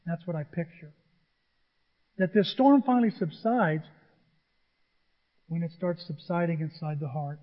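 A man preaching a sermon as pastor, swinging between loud declarations and quiet asides. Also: fairly high pitch, lively intonation, a little slow, pauses often. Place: church sanctuary. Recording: dull echoey sanctuary sound.

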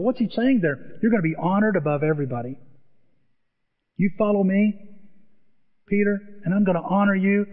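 A man preaching a sermon, telling stories in a lively way and acting out the voices of the people he quotes. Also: high-pitched, moderate pace, long pauses. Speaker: pastor. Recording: dull sound with long hall reverb.

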